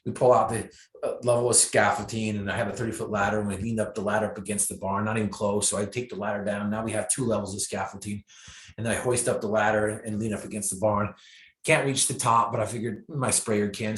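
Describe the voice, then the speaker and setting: A man, a guest speaker, telling a personal story in an interview with self-deprecating humor, acting out the lines of the people in it. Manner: animated storyteller, acts out his own and others' lines with bursts of pitch and volume. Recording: echoey room.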